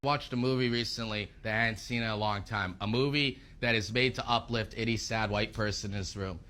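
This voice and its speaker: A man's voice: lowish voice, fairly even intonation, a little fast, pushed and bright, slight background noise. A man doing a stand-up set with a dry, sarcastic delivery. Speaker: stand-up comedian.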